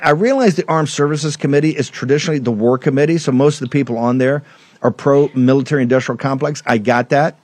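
Casting note: male talk host, combative and emphatic, mid-pitched, close dry studio sound. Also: quick pace, a little mellow, dry recording. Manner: emphatic, combative, rambling with restarts. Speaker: show host. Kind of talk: political talk show rant.

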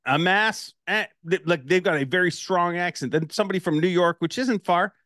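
An Irish man hosts a podcast, casually telling stories and laughing a lot in an interview-style chat. His voice sits high and moves briskly, with a fairly bright tone. The studio-quality recording has no echo.

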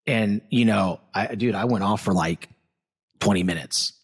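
Blunt, excitable man hosting a casual chat. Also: on the low side, measured pace, breathy edge. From Southwest Florida. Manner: blunt, excitable, swears freely. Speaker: podcast host.

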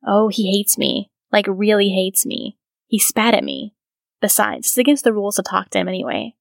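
A woman's voice: mid-range voice, moderate pace, gravelly, no room sound, clean studio sound, lightly acted. A woman reading the words of an earnest, plainspoken missionary woman. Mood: reluctant.

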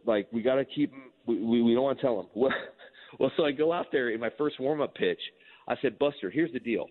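A man in his forties, a former pitcher, telling a story in a casual, rambling way, full of "like" and restarts. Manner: rambling, animated, heavy use of "like". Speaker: former baseball pitcher, guest. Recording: tinny phone-like line with long reverb.

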